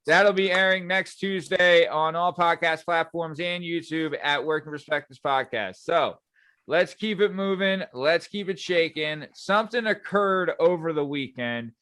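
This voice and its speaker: A man in his thirties hosts a podcast in loose, casual chat, his voice smooth and resonant and sitting a little high for a man. The sound is dry and close, with no room around it. He rambles, swears freely and laughs easily. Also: a little slow, bright, forceful tone, no echo. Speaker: podcast host.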